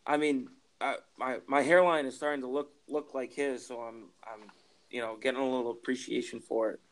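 A young man co-hosting a podcast in casual sports chat, rambling with halting restarts and casual swearing. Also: mid-range voice, fairly even intonation. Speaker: podcast co-host.

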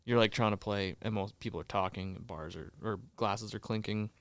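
A man guesting on a podcast, talking in a halting, hesitant way between songs. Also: on the low side, fairly even intonation, dry recording. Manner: hesitant, halting, soft-spoken. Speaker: musician guest. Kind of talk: casual chat and singing with guitar. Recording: guitar music behind.

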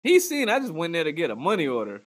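High-voiced animated man, casual chat. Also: quick pace. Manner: animated, profane storytelling with mock voices.

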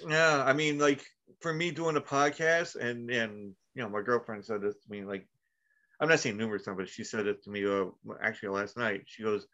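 A man's voice: lowish voice, fairly even intonation, a little fast, bright, forceful tone, muffled recording. A man hosting a casual podcast, telling rambling stories full of fillers and swearing. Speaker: podcast host.

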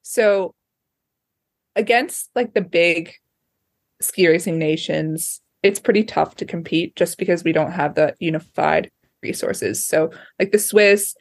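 A woman's voice: lowish voice, measured pace, no room sound, clean studio sound. A young woman from Australia, a ski racer chatting casually as an interview guest, full of fillers and restarts.

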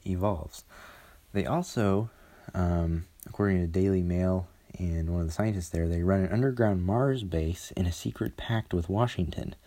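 Brief: low, warm-toned male host, rambling casual commentary. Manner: rambling, lots of uh fillers. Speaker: podcast host.

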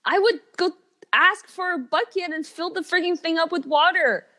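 A woman co-hosting a casual podcast, chatting candidly and reacting quickly to her co-host. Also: very high voice, sharp tone. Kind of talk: casual chat.

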